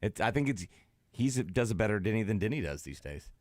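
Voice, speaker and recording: A man's voice: lowish voice, sing-song, fairly quick, darkish tone, no room sound, clean studio sound. A man co-hosting a sports radio show in easygoing, teasing banter. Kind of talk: casual sports talk. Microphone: studio microphone.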